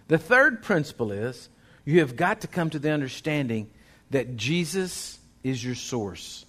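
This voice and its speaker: A man's voice: mid-range voice, very animated, moderate pace, fairly bright tone. A male pastor, preaching a sermon in a folksy, conversational way that builds in intensity.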